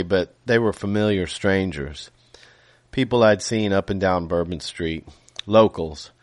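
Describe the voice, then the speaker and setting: A man reading his own novel aloud in a measured way, with small self-corrections and casual asides. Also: sits low, dry recording, clean studio sound.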